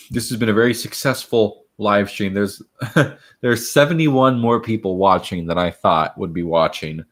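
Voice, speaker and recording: A man's voice: low voice, fairly bright tone. A man in his twenties from Miami, hosting a casual home livestream, rambling and chatting as he answers viewer questions. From Miami, Florida. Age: 20s. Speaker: host of a livestream.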